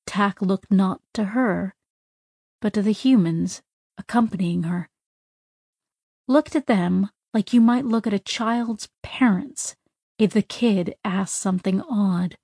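A woman narrating a story in a measured, even way. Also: medium pitch, dry recording, studio quality. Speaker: audiobook narrator. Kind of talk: scripted narration.

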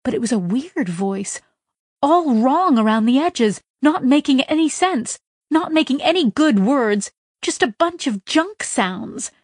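A woman's voice: sits high, lively intonation, a little slow, no echo, studio quality. A woman narrating a story in a tense, dramatic reading style with urgent bursts. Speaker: audiobook narrator.

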